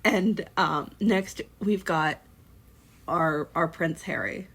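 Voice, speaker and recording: A woman's voice: lowish voice, takes it slowly, fairly bright tone, husky. Rambling woman podcast co-host. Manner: rambling, many fillers and restarts. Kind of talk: casual chat.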